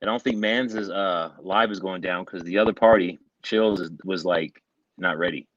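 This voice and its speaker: A man's voice: sits low, normal speed, lo-fi sound. A man joining a live stream over a video call, chatting in a laid-back, offhand way. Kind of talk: casual chat.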